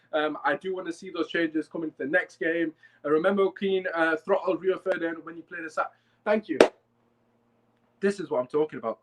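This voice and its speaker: A man's voice: fairly high pitch, fairly bright tone, poor audio. A young man, hosting a live fan podcast and ranting heatedly while swearing and reading chat comments. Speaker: podcast host.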